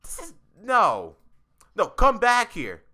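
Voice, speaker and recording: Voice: medium pitch, wildly swooping pitch, takes it slowly, pushed and bright, full character voice. A streamer reading aloud as a desperate, lovestruck young female game character, pleading and remorseful, with game music behind. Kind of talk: read-aloud game dialogue.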